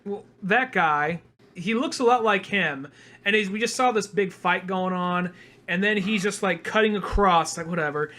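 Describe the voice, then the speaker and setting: A young adult man co-hosting a podcast, casually retelling a film and acting out the characters' lines. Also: normal speed. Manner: animated retelling, acts out quotes in a high voice. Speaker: podcast co-host.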